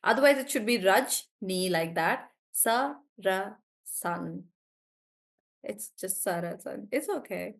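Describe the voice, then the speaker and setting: A woman's voice: mid-range voice, expressive, moderate pace, gravelly, hardly any pauses. A woman from South India with a South Indian English accent, teaching pronunciation in a live online class, encouraging and breaking words into syllables.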